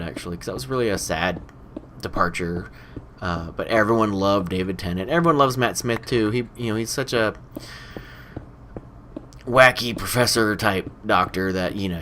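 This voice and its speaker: A man's voice: on the low side, a bit bright, slight background noise. A young man hosting a game let's play, chatting casually while he plays and rambling with lots of "you know" fillers. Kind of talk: casual commentary while playing.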